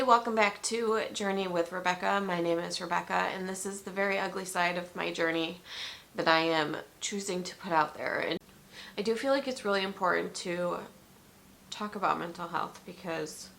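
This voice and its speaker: A woman speaks in a low-set but bright voice with a gravelly edge, pausing and restarting often. She is close to tears and keeps pulling herself together as she talks. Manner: emotional, tearful, halting with many ums. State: fighting back tears. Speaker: vlogger. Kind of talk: personal vlog confession.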